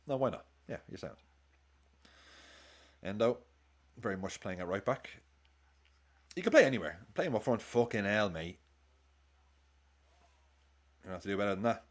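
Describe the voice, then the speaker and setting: A man hosting a football watchalong, chatting excitably and swearing as he reacts live to the game and his chat. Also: on the low side, moderate pace, long pauses. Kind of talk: live match commentary and chat.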